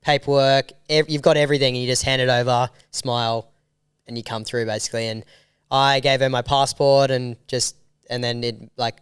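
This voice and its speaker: An Australian man, a filmmaker guest, telling a story in a casual interview with a rambling, animated manner and casual swearing. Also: medium pitch, moderate pace, clear, resonant tone, dry recording, studio quality.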